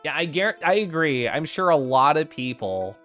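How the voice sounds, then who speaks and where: A man's voice: fairly high pitch, very animated, moderate pace, fairly bright tone, faint music behind. A young adult man streaming, chatting casually with viewers and laughing often as he recaps a convention.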